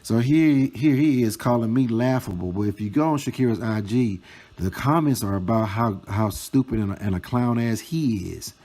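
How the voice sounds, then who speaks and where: A man telling a storytime vlog, reading out chat screenshots in a slow, mocking, profane way. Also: medium pitch, mellow. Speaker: storytime vlogger.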